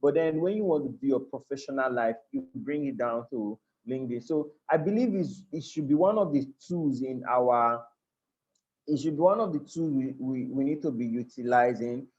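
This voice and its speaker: A Nigerian-accented man leads a live online class over a video call, his voice at an ordinary middle pitch. He talks earnestly, repeats and restarts phrases, and keeps asking whether his listeners are following. The call audio sounds a little dull and lo-fi. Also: normal speed, darkish tone. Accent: Nigerian English.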